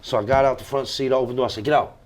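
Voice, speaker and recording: A man's voice: medium pitch, fairly even intonation, racing, a little mellow, slight background noise. An American man telling his life story as an interview guest, blunt and emphatic, repeating phrases for weight. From United States.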